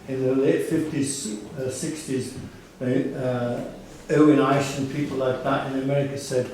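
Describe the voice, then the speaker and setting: At moderate, normal speed and with fairly even intonation, a man whose medium-pitched voice is a little mellow tells rambling stories about his life, full of restarts and fillers. He is an artist and curator giving a casual talk in a gallery exhibition space, recorded from far off in an echoey room with a little hiss or hum.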